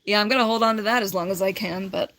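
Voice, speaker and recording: A woman's voice: medium pitch, steady tone, fast, a bit bright. A woman in her forties on a casual livestream, reading and answering viewer comments in a rambling, giggly way with lots of filler words. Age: 40s.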